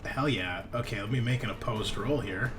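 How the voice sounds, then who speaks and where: A man's voice: on the low side, moderate pace, over loud music. A man narrating as game master of a tabletop game, casual, joking and profane.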